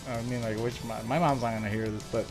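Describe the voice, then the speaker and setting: A man's voice: medium pitch, steady tone, fast talker, soft background music. A man co-hosting a casual podcast, telling crude stories with lots of swearing and laughter. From El Paso, Texas. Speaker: podcast co-host. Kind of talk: casual chat, crude storytelling.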